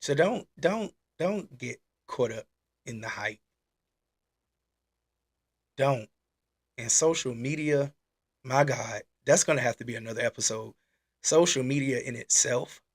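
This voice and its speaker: A man hosting a casual church-style live talk. He is animated and exclaiming, and he repeats his questions. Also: mid-range voice, unhurried, pauses often, slightly rough. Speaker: host. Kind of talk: casual preaching live stream.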